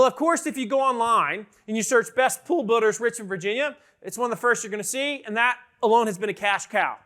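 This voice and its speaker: Energetic male keynote speaker, very high bright voice, quizzes the audience. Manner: energetic, questions the audience often. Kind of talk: conference keynote talk. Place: large conference hall with an audience.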